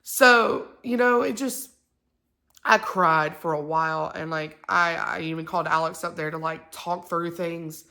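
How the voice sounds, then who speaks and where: A woman's voice: lowish voice, a little slow, creaky, sharp tone. A mother, telling a story to the camera in a rambling, heated way full of fillers. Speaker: mother and vlogger.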